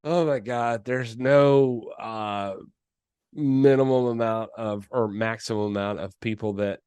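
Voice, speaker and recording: Male podcast co-host, halting and rambling, curses freely, dry close mic. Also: medium pitch, darkish tone, clean tone, dry recording. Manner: rambling, halting, lots of fillers and swearing. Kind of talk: casual film podcast chat.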